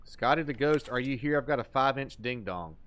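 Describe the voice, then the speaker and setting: A man hosting a horror game livestream, talking casually and making goofy, crude jokes with excitable outbursts. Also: mid-range voice, fairly quick. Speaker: livestream host playing horror games. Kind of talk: casual gameplay commentary.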